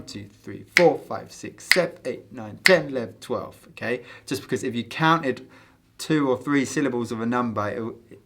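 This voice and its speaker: A man giving a drum lesson at a mid pitch for a man, patient and methodical. He walks through the sheet music one element at a time and counts the beats aloud. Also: fairly bright tone. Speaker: drum teacher. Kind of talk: instructional lesson.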